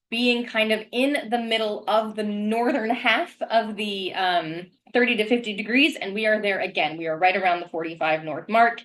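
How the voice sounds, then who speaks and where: A woman's voice: mid-range voice, a bit bright. Woman, wine student, informal rambling presenter, leans on "um" fillers. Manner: chatty, rambling, frequent "um" fillers. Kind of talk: casual educational presentation.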